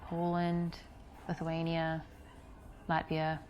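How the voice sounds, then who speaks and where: A woman's voice: low voice, monotone, slow pace, a little mellow, muffled recording. An actress playing a polite woman on a first date in a video game, giving short answers. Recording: chatter of a crowd behind. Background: crowd chatter.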